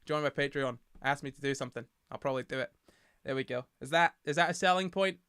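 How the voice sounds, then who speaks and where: A man's voice: medium pitch, fast talker, fairly bright tone, clean tone, no echo, clean studio sound. A tired young man from the United Kingdom, rambling and self-mocking as he hosts a casual livestream and reads the chat aloud. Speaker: livestream host.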